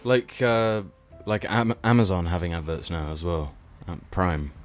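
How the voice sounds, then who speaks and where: A man's voice: deep voice, unhurried, soft background music. Blunt, sweary young man. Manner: blunt and sweary, dry opinions. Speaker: podcast co-host. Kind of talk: casual chat.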